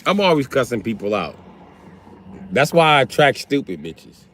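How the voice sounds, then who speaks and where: A man hosting a livestream, talking in a casual, profane and animated way as he tells stories. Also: medium pitch, normal speed, a little hiss or hum. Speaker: livestream host.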